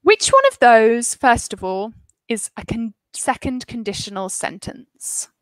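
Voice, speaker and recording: Woman, English teacher in a live online class, encouraging and clear, slightly high voice, dry close sound. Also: expressive, measured pace, dry recording, rough recording. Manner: encouraging, clear teacher talk with praise and explanations.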